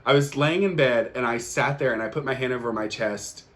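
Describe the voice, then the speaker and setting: A man's voice: mid-range voice, fairly quick, fairly bright tone. A young man hosting his own show, giving an earnest, emphatic motivational talk and repeating key lines for effect. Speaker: podcast host. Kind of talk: motivational monologue.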